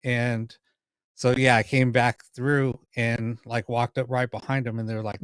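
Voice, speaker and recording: A man's voice: mid-range voice, flat delivery, moderate pace, a bit bright, smooth, dry recording, studio quality. A man hosting a paranormal live stream, telling stories casually with lots of ums, restarts and the odd curse word. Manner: rambling, many ums and restarts, mild swearing.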